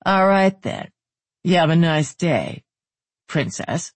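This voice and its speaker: A man's voice: on the high side, big pitch swings, slow, vocal fry, dry recording, full character voice. A narrator doing a smug, leering trailer park man. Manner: smug, taunting drawl. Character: arrogant, leering male trailer park manager.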